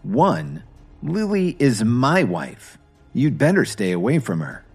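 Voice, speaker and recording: A man playing a calm, unflappable husband. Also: mid-range voice, breathy edge, soft background music, heavily acted. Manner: calm, measured. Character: calm, modest husband, quietly confident.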